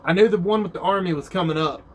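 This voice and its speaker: A man's voice: high-pitched, fast talker, a little hiss or hum, poor audio. A man giving casual, profane gameplay commentary, ranting about games as a YouTuber. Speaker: gaming YouTuber.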